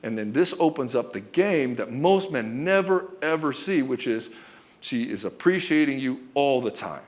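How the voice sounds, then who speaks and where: A man's voice: mid-range voice, animated, moderate pace. A man giving a relationship coaching monologue straight to the camera, blunt and emphatic, swearing often and calling the listener brother and dude.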